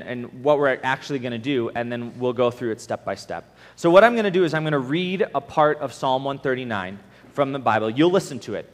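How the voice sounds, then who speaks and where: A man preaches at a youth camp. He tells stories in an animated way, often stops to restart a phrase, and then walks the campers through instructions. His voice carries a long hall reverb. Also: mid-range voice. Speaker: camp speaker.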